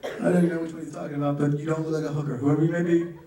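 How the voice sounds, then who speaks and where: Male club emcee, high voice, loose self-mocking patter, picked up far off in an echoey club. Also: little pitch movement, very fast, dark tone. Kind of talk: stand-up hosting and crowd work. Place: comedy club stage. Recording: roomy club sound from a distance.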